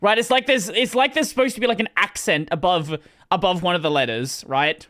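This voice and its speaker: An Australian man hosting a casual gaming stream, animated and swearing freely as he toys with pronunciations. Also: sits high, brisk. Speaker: streamer host.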